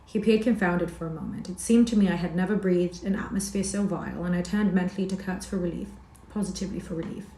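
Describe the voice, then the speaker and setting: Female audiobook narrator, low mellow tone, measured literary delivery, roomy echo. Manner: steady measured literary reading. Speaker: audiobook reader. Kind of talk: scripted narration.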